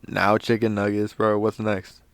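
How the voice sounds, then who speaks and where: A man's voice: fairly low pitch, monotone, normal speed, smooth, no room sound. A young man co-hosting a podcast in slangy, goofy casual chat, tipsy and saying bro a lot. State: intoxicated. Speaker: podcast co-host.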